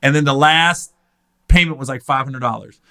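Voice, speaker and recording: A man's voice: medium pitch, normal speed. A man in his forties hosting a podcast, telling a story in casual chat and swearing freely. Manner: animated, acts out other people's voices in quotes, swears freely. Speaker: podcast host.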